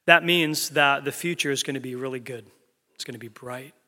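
Earnest pastor preaching in an echoing church. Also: male voice, mid-range voice, a little fast, bright, forceful tone. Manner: earnest, conversational, asks the congregation questions. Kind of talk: sermon. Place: church sanctuary.

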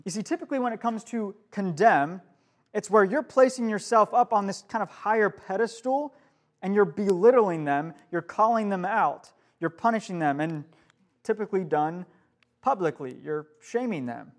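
A man's voice: high voice, expressive, normal speed. A young man, a youth pastor, giving a casual youth group sermon to a live room, asking the listeners questions as he goes.

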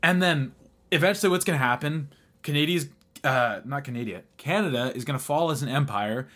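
A man's voice: mid-range voice, a little fast, fairly bright tone. A young man hosting a casual podcast chat, rambling with restarts, laughing often and swearing casually. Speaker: podcast host.

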